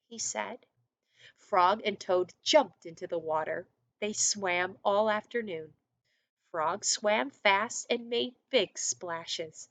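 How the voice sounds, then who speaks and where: Teacher lady reading a kids book slow and lively, bright voice, dry close sound. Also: mid-range voice, no room sound. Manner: animated, coaxing, with counting asides. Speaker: first grade teacher. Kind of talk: reading a storybook aloud to children.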